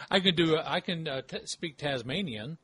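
A man's voice: a little high, lively intonation, normal speed, a bit bright, a little hiss or hum. A man who hosts radio, in casual podcast chat, easygoing and self-deprecating, chuckling as he talks. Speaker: radio host.

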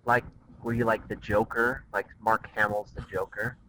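A man co-hosting a podcast in casual chat, excitable and giggly, talking on a cell phone. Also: on the low side, moderate pace, slight background noise, low-quality recording. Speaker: podcast co-host.

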